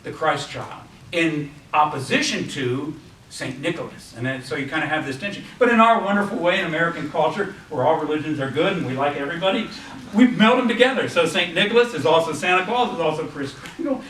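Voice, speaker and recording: A man's voice: on the high side, expressive, quick pace, a bit bright, reverberant, recorded from a distance, slight background noise, poor audio. A man giving a classroom lecture, telling stories with many ums, restarts and false starts. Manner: rambling with frequent ums and restarts.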